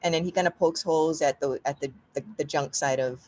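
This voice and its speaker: A podcast co-host with a low, darkish voice chats casually at a brisk clip. She offers upbeat recommendations as she talks.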